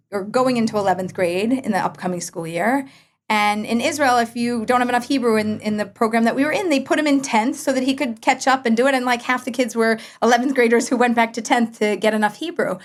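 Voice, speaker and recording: A woman in her forties, a podcast guest, telling a personal story in a lively way, acting out the dialogue and laughing often. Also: on the high side, brisk.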